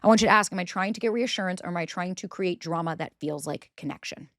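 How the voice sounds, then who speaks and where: A woman's voice: on the low side, quick pace, a bit bright, no echo. A blunt woman podcast host giving relationship advice, swearing freely and hitting her points hard. She acts out the voices she quotes. The recording is dry, with no room sound. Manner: blunt and profane, emphatic. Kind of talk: candid advice monologue.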